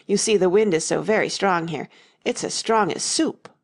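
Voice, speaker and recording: A woman's voice: lowish voice, moderate pace, creaky. A woman voicing a fussy, earnest old male knight inventor in an audiobook reading. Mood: anxious. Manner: earnest, anxious, solemn.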